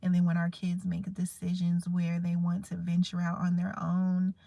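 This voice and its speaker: A woman's voice: lowish voice, monotone, moderate pace, creaky, warm tone, no echo. A woman in her thirties, vlogging in a candid, emotional, rambling way and chatting casually to her viewers. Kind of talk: casual heartfelt chat to camera.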